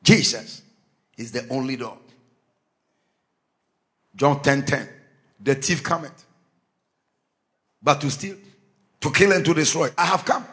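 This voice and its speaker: A man preaching a Christmas sermon to a church, fervent and swinging from quiet lines into sudden shouts. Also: mid-range voice, takes it slowly, long pauses. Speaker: pastor.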